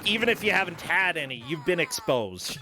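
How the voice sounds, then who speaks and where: A man's voice: a little high, brisk, background noise. A man hosting a casual game stream, commenting playfully on the action and cracking jokes. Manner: playful, jokey, animated. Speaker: stream host.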